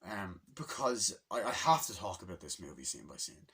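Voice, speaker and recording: A young man rambling excitedly through a movie recap, swearing freely and acting out the lines. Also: deep voice, normal speed, gravelly, breathy edge. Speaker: movie reviewer. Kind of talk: rambling casual movie review.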